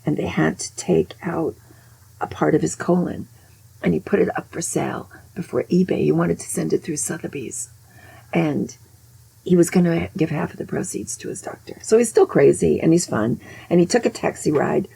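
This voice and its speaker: An older woman tells stories in a casual, chatty flow, often restarting her sentences and adding asides. Her voice sits low and is full of gravelly fry. It is husky and dark, with a mellow, breathy tone. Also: lively intonation, normal speed, rough recording. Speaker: host. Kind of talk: casual storytelling.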